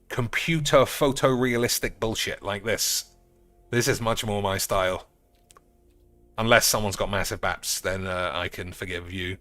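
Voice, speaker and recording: A man streaming a game comments casually on cards, sarcastic and crude, swearing often and erupting into loud outbursts. His voice sits on the low side, with no room sound.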